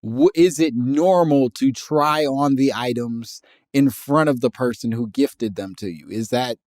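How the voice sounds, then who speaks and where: A man from Indiana co-hosting a comedy podcast, laying out his research in a relaxed, wry way. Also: medium pitch, unhurried, no echo, clean studio sound. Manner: laid-back, wry, researched explanations. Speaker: podcast co-host. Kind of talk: casual comedic podcast chat.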